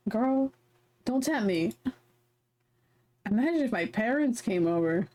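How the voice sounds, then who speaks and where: A woman's voice: fairly high pitch, expressive, measured pace, mellow. A young woman on a live stream, talking casually and animatedly between lines of a game she reads aloud. She swears freely and rambles through stories. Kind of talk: casual chat while reading a visual novel aloud.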